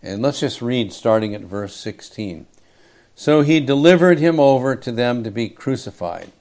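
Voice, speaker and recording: A man preaching an expository sermon, reading scripture and commenting with emphatic pauses and frequent throat clearing. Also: medium pitch, animated, a little mellow.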